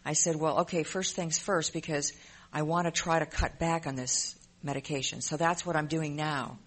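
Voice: medium pitch, steady tone, moderate pace, a bit bright. A speaker giving an earnest, emotional personal testimony in a recovery program, often repeating phrases. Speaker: member sharing in a recovery program.

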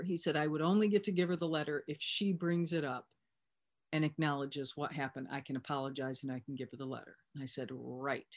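A woman with a fairly low speaking voice tells a personal story as a recovery sponsor. She talks conversationally, with the odd filler and restart. She retells whole conversations in quoted lines, switching between what she said and what the other person said. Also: steady tone, brisk.

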